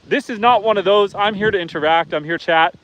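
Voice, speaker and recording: This homesteader live-streams outdoors from his farm in a chatty way, reading viewer comments aloud and calling out to the animals. He talks fast in a high voice with a fairly bright tone.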